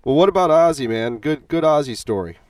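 A man hosting an interview, asking questions in a relaxed, easygoing way. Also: fairly high pitch, fairly quick, clear, resonant tone, no echo, far from the mic.

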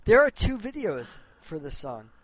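A man co-hosting a casual music chat, enthusiastic and quick to laugh, often restarting his sentences. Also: high voice, very animated. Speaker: podcast co-host.

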